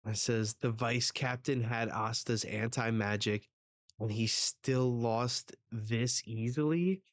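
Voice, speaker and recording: A man hosting a casual live manga reaction, relaxed and hesitant, full of fillers and restarts. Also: medium pitch, slow pace, dry recording. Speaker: host.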